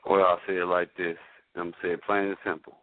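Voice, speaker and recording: A man calling in to argue on a radio show, halting and restarting his sentences as he makes his case. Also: deep voice, little pitch movement, dry recording. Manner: halting, stumbles and restarts while arguing. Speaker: caller. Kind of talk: heated call-in radio debate. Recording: dry, tinny phone-line audio.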